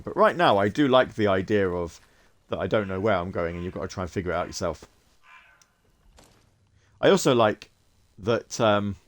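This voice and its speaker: Guy narrating his playthrough, wry and chatty, voice bouncing all over. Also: fairly low pitch. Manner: chatty and wry, thinking aloud. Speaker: gaming video creator. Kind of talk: let's play commentary.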